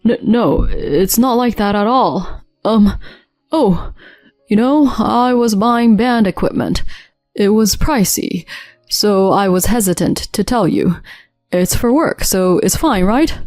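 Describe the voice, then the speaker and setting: A woman's voice: medium pitch, animated, normal speed, dry recording, lightly acted. A woman voicing a lying, cheating husband who makes flustered excuses and pleads, read as a storytelling voice-over. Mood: pleading. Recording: dry studio sound with soft music.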